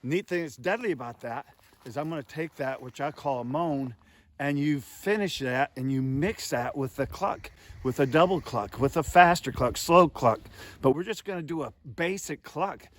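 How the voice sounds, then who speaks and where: A man's voice: fairly high pitch, lively intonation, normal speed. A man teaching a hands-on goose calling lesson outdoors, folksy and emphatic, calling his viewers "guys".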